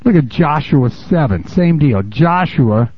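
A man preaching a sermon in a lively, conversational way, laughing and calling out "amen?" to the congregation, on a dull, lo-fi recording. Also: fairly high pitch, slow, husky. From United States. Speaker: pastor.

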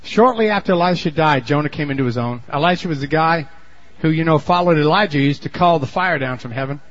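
A fairly high-voiced man preaches a sermon, telling the story in a folksy way. He dips into quiet asides and then climbs to shouted emphasis. The recording sounds dull and lo-fi. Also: fast.

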